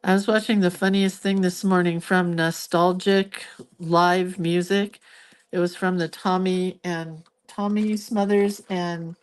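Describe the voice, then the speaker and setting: A woman hosting a drawing livestream from her living room, talking in an unhurried, drawn-out way. She rambles from one aside to the next as she reminisces, keeping it loose and chatty as she works. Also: medium pitch. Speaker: hand-lettering livestream host. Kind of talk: casual chat while drawing. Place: cluttered living room, home.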